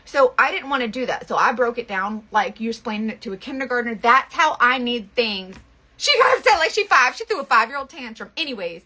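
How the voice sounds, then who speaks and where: A woman's voice: a little high, animated, brisk, sharp tone. A woman telling a rambling story in casual chat, full of fillers and restarts. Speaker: makeup seller and vlogger.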